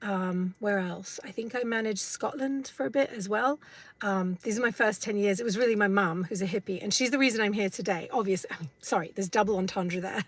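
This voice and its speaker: A woman's voice: medium pitch, fairly quick, no room sound. Woman in her fifties with an English accent, streaming from her parked car, chatty and rambling. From United States. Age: 50s. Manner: rambling, chatty, many fillers. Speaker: live streamer. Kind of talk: casual live-stream chat.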